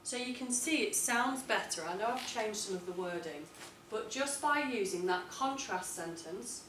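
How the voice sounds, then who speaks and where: A woman teaching a writing lesson to a class, clear and deliberate, stressing words as she reads model texts aloud. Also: medium pitch, a bit bright, a little hiss or hum. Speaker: English teacher. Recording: echoey classroom, from a distance.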